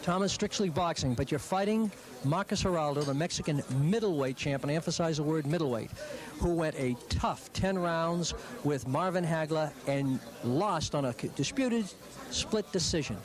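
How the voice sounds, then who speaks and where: A man's voice: fairly high pitch, moderate pace. A man interviewing a boxer, stressing words and pressing with pointed questions. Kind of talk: sports interview.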